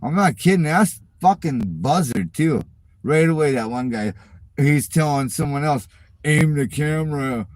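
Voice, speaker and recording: A man's voice: a little high, expressive, measured pace, a little mellow, no echo. Middle-aged male channel host, casual profane rant, mocking and exasperated, dry close sound. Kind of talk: casual rant at viewer comments.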